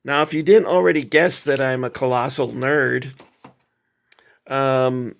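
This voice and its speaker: Middle-aged male collector host, unhurried, rambling casual chat full of ums. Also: mid-range voice, fairly even intonation, creaky. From Southern California. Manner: rambling, halting, many fillers. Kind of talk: casual show-and-tell chat.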